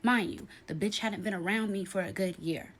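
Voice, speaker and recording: A woman's voice: medium pitch, moderate pace, a little hiss or hum. A young woman telling a storytime vlog in a brash, profane, emphatic way, often tagging lines with "okay?". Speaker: storytime vlogger. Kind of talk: casual storytime.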